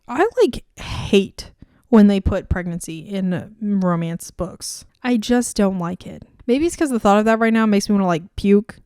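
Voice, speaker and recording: A woman's voice: medium pitch, a little mellow, smooth, no echo, clean studio sound. A young woman in her twenties recapping a romance novel in a casual vlog, sarcastic and rambling, swearing freely. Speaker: book reviewer. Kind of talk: casual book review vlog.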